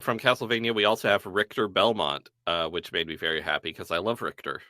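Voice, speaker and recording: A man with a bright, forward tone and a slightly low pitch co-hosts a video game podcast. He jokes in a dry, wry way as he moves through the list. The recording is close and dry. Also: steady tone, fairly quick, no room sound. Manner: dry, joking, wry asides. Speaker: podcast co-host. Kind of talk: casual chat about video games.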